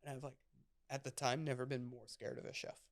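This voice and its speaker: A man's voice: medium pitch, flat delivery, a little fast. A man in his thirties, a chef and podcast guest, telling a story in a loose, rambling way, full of fillers and swearing. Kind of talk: casual storytelling chat.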